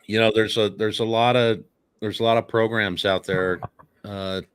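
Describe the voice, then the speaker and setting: Deep-voiced guy hosting, earnest, kinda halting with lots of uh's. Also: little pitch movement, a bit bright, clear, resonant tone. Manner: halting, many fillers and restarts, earnest. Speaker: podcast host. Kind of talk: casual talk show chat.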